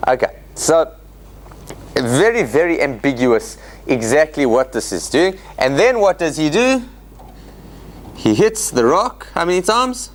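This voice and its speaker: A rabbi leads a Bible study for a room of listeners, his voice sitting a little high and swooping up and down as he acts out the text. He talks off the cuff, tripping over restarts and bursting into dramatic mock quotes. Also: expressive, measured pace. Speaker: rabbi teaching a Torah study class. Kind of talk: informal Bible study lecture with questions to the audience. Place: meeting room of a church centre.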